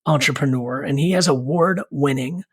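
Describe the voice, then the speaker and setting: A man's voice: on the high side, moderate pace, husky. A middle-aged man, a punk band singer who is a podcast guest, telling a long rambling story in casual chat, with many fillers and asides. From Richmond, Virginia, US.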